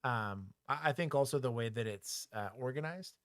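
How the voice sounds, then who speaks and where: Texan man, former cop co-host, casual livestream chat, joking and candid, mid pitch, dry close sound. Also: animated, moderate pace, a bit bright, no echo. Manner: candid, joking, talks things through aloud. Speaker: co-host, former police officer.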